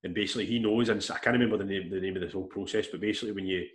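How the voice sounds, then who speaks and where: A man telling a long story in casual chat, rambling and animated, with restarts and swearing. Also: low voice, rapid-fire. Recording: echoey room.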